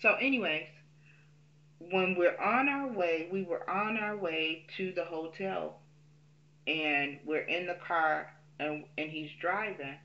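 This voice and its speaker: A woman's voice: on the low side, slow pace, pushed and bright, highs cut off. A woman telling a personal story in a casual, candid way, with frequent um fillers.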